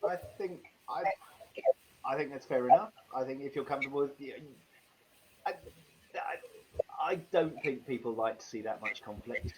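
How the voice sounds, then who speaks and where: A man's voice: medium pitch, unhurried, pauses often, low-quality recording. A man hosting a podcast, chatting casually with short, plainspoken replies. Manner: plainspoken, brief replies and laughs. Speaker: podcast host. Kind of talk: casual chat.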